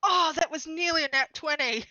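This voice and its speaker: A woman playing a tabletop game, chatting casually, animated and quick to laugh. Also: high voice, no echo. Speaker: player. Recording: dull lo-fi stream mic.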